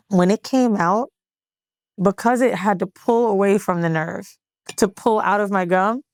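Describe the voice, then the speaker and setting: A woman co-hosting a podcast, telling a long story in casual, profane chat with lively voiced quotes. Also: mid-range voice, dry recording, clean studio sound. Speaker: podcast co-host.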